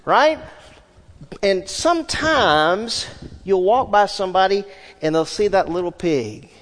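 Animated preacher in a reverberant hall. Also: male voice, high-pitched, slow. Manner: animated preaching, swinging from loud to hushed. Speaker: pastor. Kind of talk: sermon.

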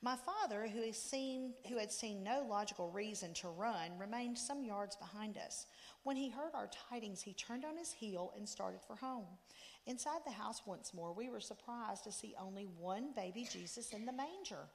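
A woman reading a story aloud with expressive storytelling. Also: medium pitch, normal speed. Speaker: story reader. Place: church. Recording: long reverb in a church.

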